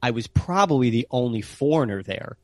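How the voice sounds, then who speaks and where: An American man casually telling travel stories in an interview, animated and sprinkling in playful Italian phrases. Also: medium pitch, brisk, no echo. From United States. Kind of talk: casual storytelling chat.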